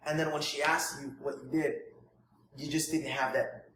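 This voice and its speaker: Energetic male sales coach, echoey room. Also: on the high side, normal speed, a little hiss or hum. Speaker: network marketing trainer. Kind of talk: coaching students, informal training. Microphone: phone. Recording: echoey room, faint ambience, phone recording.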